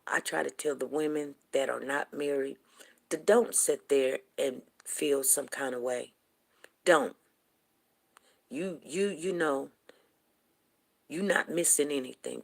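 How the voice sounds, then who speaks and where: A woman in her forties hosting a show, telling a long personal story to her viewers in a chatty, animated way with quick laughs. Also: rumbling low, vocal fry. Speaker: show host.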